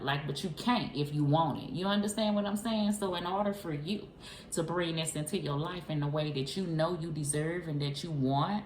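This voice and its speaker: Woman, low voice, casual tarot reading, chatty and emphatic, swears often, echoey room, faint background noise. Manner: chatty, profane, emphatic, repeats herself. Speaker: tarot reader.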